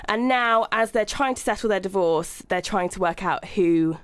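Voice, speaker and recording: A young woman hosting a film podcast, chatty and quick to laugh. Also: medium pitch, smooth, dry recording. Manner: bright, laughs often, chatty. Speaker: podcast host. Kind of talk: casual film discussion.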